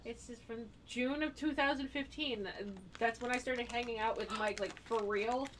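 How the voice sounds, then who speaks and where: A woman's voice: fairly high pitch, normal speed, background noise. A woman co-hosting a live stream, telling a story in casual chat and acting out the quotes with lots of energy. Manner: animated, acts out quotes, gets loud when excited. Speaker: stream co-host.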